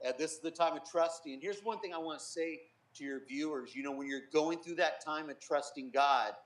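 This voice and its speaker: A middle-aged man, a pastor, giving an earnest personal testimony in an interview, softly quoting others as he tells it. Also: fairly high pitch, fairly quick, roomy sound, rough recording. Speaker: pastor and guest.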